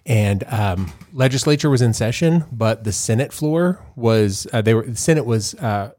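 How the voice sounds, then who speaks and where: A man's voice: mid-range voice, lively intonation, normal speed, darkish tone, no room sound. A man co-hosting a podcast in casual chat, telling stories with frequent laughs and restarts. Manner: rambling storyteller, laughs often, many restarts. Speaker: podcast co-host.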